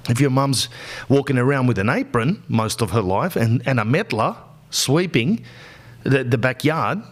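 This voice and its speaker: A man's voice: mid-range voice, normal speed. An Australian man hosting a podcast, rambling through a slangy comic monologue and slipping into other people's voices. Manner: animated, slips into characters' voices. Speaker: podcast host. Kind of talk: comedic storytelling monologue.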